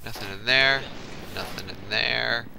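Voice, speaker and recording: Young guy narrating his video game run, super bright voice, mumbling stuff to himself. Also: medium pitch, a little slow, vocal fry. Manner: chatty, mumbling asides. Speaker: let's play host. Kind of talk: casual gameplay commentary.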